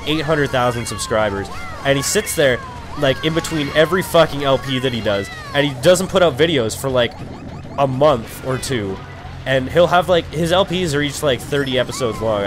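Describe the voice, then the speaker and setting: A young man rambling through casual gaming commentary, profane and over-caffeinated, with sudden raging outbursts. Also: medium pitch. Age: young adult. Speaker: let's play commentator. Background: game music.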